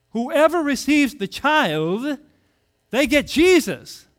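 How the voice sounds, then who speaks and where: A middle-aged male pastor preaching a sermon, telling stories with lively acted-out voices. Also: very high-pitched. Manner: animated storytelling, acting out voices.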